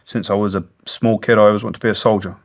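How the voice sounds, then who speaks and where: British man, 30s, interview guest; low voice, earnest and blunt, swears freely. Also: little pitch movement, fast, creaky. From Britain. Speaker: guest, former special forces soldier. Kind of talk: long-form interview storytelling.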